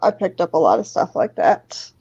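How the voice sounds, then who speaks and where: A woman in casual podcast chat, telling stories in an animated way. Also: lowish voice, normal speed, slightly rough, no room sound, highs cut off. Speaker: podcast co-host.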